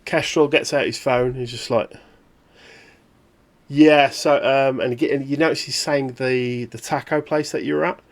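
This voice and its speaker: Guy running a tabletop game, middle pitch, lots of ums and restarts. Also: fairly even intonation, brisk, few pauses. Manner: rambling, lots of fillers and self-corrections. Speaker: game master.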